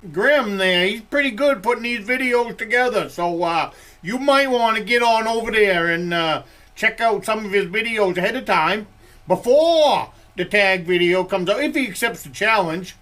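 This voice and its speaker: A man's voice: high voice, animated, moderate pace, fairly bright tone. An older man with a Maine accent, a woodsman rambling folksy stories from his log cabin with plenty of chuckles. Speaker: woodsman vlogger. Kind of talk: rambling campfire storytelling.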